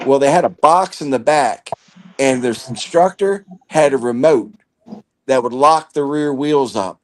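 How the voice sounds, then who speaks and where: A man's voice: mid-range voice, unhurried, a little hiss or hum. A man from Maryland telling a rambling story in casual chat, laughing often.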